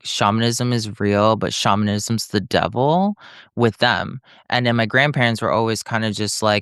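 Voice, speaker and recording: A man's voice: lowish voice, a bit bright, clear, resonant tone, no room sound, studio quality. A man speaking as a podcast guest, telling his personal story frankly, rambling and full of filler words. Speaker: podcast guest, reiki teacher. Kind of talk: candid personal storytelling in conversation.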